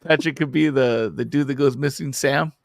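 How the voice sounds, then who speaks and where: A man's voice: medium pitch, moderate pace, creaky, dry recording, studio quality. A man on a comic review panel, joking and laughing as he rambles. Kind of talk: casual panel chat.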